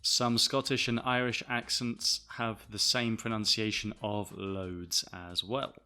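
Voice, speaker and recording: A man from the south of England with a Southern English accent, explaining English vocabulary to learners in a clear, deliberate way. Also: lowish voice, little pitch movement, bright, forceful tone. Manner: clear, deliberate, spells words out. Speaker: English teacher, podcast host.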